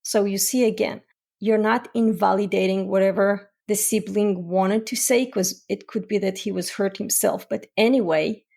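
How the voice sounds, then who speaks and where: A woman hosting a solo parenting podcast as a parent coach, explaining calmly with everyday examples. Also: medium pitch, normal speed, gravelly. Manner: calm, explanatory, gives examples.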